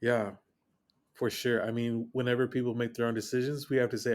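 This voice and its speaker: Flat-toned counselor co-host. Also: medium pitch. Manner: supportive, measured, agreeable listener. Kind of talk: casual conversational podcast.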